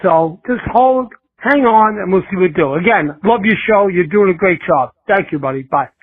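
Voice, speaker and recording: A man's voice: high voice, animated, slightly rough. Older man calling in on a tinny phone. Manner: measured, cautious opinions. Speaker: caller.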